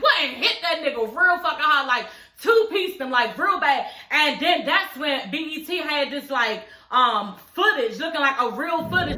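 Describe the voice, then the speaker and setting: In an echoey room, a young woman with a high voice retells a TV episode she's reviewing, performing the characters' lines with animation as she goes. Her casual recap carries a slight hiss or hum.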